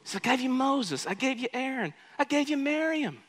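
A man preaching a sermon, swinging between loud, pleading cries and quiet, conversational asides. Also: very high voice, sing-song, normal speed. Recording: hall with long reverb.

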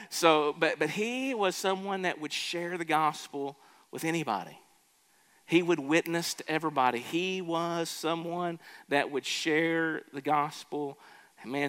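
Bright-voiced preacher in a reverberant hall. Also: male voice, on the high side, clear, resonant tone. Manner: earnest preaching with rising emphatic swells and repeated restarts. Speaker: pastor. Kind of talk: sermon.

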